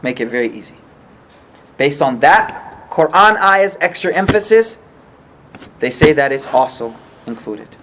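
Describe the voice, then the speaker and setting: A man with a high, light voice leads an informal study group. He explains step by step, slowing down on key points and often asking whether everyone follows. A faint background hiss runs under the recording. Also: sing-song, a bit bright. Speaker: imam teaching a class. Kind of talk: informal religious study class.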